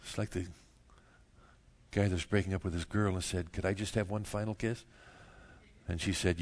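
A man preaching a sermon, moving from quiet, low stretches to loud, emphatic bursts and chuckling at his own jokes. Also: steady tone, a little fast, pauses often, husky. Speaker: pastor.

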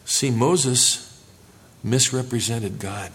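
A male pastor preaching a sermon in church, earnest, rising for emphasis and dropping low and quiet. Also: slow pace.

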